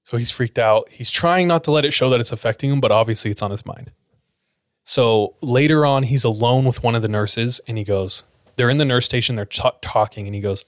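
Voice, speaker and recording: A man hosting a podcast, casually telling a scary story in a relaxed way and filling his speech with "like". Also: lowish voice, fairly quick, no echo, clean studio sound. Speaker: podcast host.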